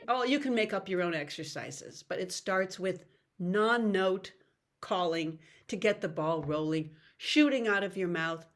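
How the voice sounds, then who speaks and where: Speaking over a video call, a middle-aged woman voice coach delivers an upbeat, explanatory workshop lecture in an expressive voice on the low side, at a measured pace. Every so often she bursts into song to demonstrate.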